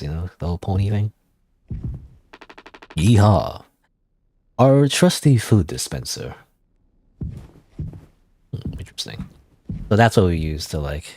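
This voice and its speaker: A man's voice: sits low, fairly quick, dark tone, a little hiss or hum. A man streaming a video game, thinking aloud in a casual, rambling way and reading in-game text. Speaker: gaming streamer. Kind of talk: let's play commentary.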